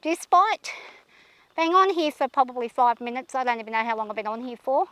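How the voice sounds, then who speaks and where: High-voiced anxious woman riding a horse. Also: animated, fairly quick, a bit bright, smooth, no echo. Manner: nervous, talks herself through, soothes the horse. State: shaky and anxious. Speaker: horse rider vlogger. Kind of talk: talking while riding a horse. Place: outdoors on horseback.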